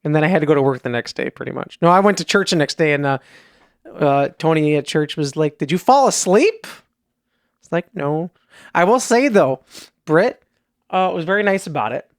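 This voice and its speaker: A man's voice: fairly high pitch, brisk, dry recording, clean studio sound. A man with a Wisconsin accent co-hosting a podcast, rambling through stories and quoting people back and forth. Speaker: podcast co-host. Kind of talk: casual chat.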